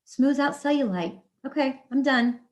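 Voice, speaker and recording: A woman beauty consultant giving a live product presentation. She talks in an enthusiastic, chatty way, with quick asides and acted-out quotes. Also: high-pitched.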